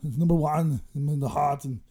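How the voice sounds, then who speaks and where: A man's voice: on the high side, steady tone, fairly quick, warm tone, natural voice. A man doing a comic impression of a boastful bodybuilder, rambling and giggling through mock threats. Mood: mock angry. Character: boastful bodybuilder impression, male, middle-aged, menacing-jolly. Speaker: comedy guest in character.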